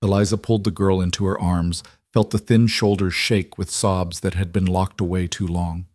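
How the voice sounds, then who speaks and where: A man narrating a scripted western story in a calm, measured way. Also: low-pitched, dry recording.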